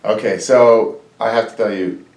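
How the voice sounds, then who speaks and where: A man's voice: on the low side, steady tone, moderate pace, a little mellow. A man hosting a podcast, chatting casually and joking, rambling and self-deprecating. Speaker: podcast host. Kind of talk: casual interview. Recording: echoey room, mic at a distance.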